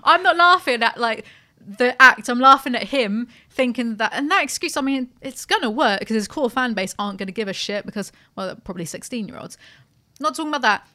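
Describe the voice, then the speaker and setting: A woman's voice: fairly high pitch, animated, a little fast, bright, forceful tone. A woman hosting a podcast in casual, sweary chat, laughing often. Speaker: podcast host.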